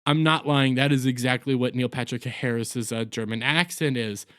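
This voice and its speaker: A man's voice: mid-range voice, normal speed, a bit bright, smooth. A man giving a blunt, sarcastic, rambling rant as a video reviewer, full of crude words and restarts. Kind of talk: ranting TV review.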